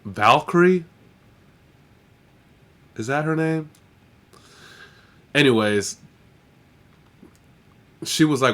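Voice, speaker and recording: A man's voice: a little high, expressive, drawn-out words, pauses often, fairly bright tone. A man hosting a live stream, chatting casually in a slangy, laid-back way and swearing freely. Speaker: stream host and rapper.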